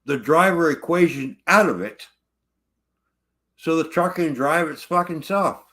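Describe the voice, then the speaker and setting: Swearing angry man with a bright voice. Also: on the high side, measured pace. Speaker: truck driver. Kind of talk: ranting casual livestream talk.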